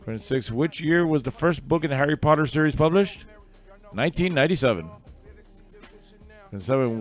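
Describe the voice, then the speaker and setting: A man runs an online trivia night from home, reading out questions and answers. He drifts into casual, rambling asides between them. Soft music plays faintly underneath. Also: mid-range voice. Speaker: trivia host. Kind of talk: casual livestream trivia hosting.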